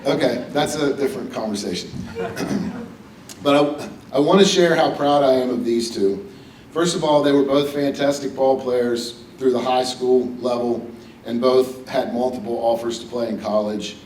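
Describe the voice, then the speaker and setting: A man's voice: mid-range voice, moderate pace, a little mellow, far from the mic, a little hiss or hum. A middle-aged man from West Virginia giving a personal, joking hall of fame acceptance speech at a podium. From West Virginia, USA. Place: banquet hall with audience. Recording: echoey hall, speaker a bit off mic.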